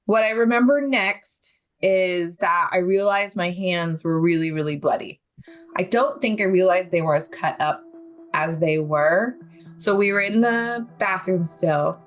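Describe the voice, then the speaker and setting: A young adult woman appears as a podcast guest, recounting her survival story in vivid, candid detail with occasional nervous laughs. Her voice is fairly low and unhurried, with faint music in the background.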